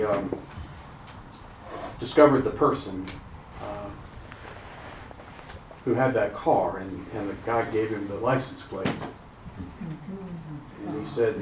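A man's voice: on the low side, noisy background. A middle-aged man preaching a sermon, asking the congregation questions and calling for responses. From Charlotte, North Carolina. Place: chapel. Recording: roomy chapel sound picked up from a distance.

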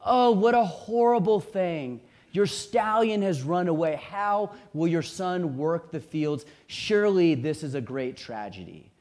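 A man voicing a crowd of excitable village neighbors, exclaiming in a heightened, theatrical way. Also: on the high side, a little slow, few pauses. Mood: lamenting.

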